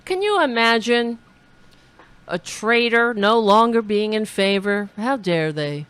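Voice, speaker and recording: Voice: mid-range voice, lively intonation, takes it slowly, a bit bright, clean tone. A comedic commentator reacting to clips with sarcastic, mocking remarks and repeated quotes.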